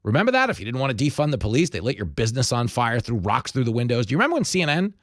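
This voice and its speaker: A man's voice: mid-range voice, rapid-fire, dry recording, clean studio sound. A man hosting an opinion podcast, talking emphatically and telling stories with energy. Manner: emphatic, animated storytelling. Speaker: podcast host. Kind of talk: opinion commentary.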